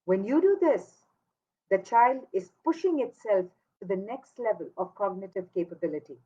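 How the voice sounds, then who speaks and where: A woman's voice: mid-range voice, animated, moderate pace, slightly rough, phone-quality sound. Earnest woman coaching parents. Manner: earnest, emphatic, repeats key words. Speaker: parenting educator. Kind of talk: instructional talk to parents.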